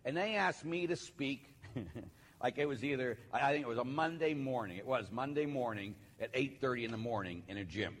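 A man, a Catholic priest, giving a sermon in a relaxed, conversational storytelling manner with playful asides. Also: mid-range voice, moderate pace. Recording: long hall reverb.

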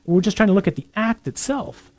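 A male priest delivers a conversational sermon, punching key points with emphasis and slipping in dry humor. His voice sits a bit high for a man, yet sounds mellow and soft-edged rather than bright. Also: very animated, a little fast. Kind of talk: sermon to young adults.

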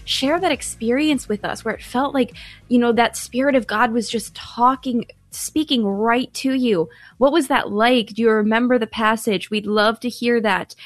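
Woman radio co-host, chatty and bright-voiced, higher pitch, dry close studio sound. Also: moderate pace, no room sound. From Ireland. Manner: chatty, enthusiastic. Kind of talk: Catholic radio talk.

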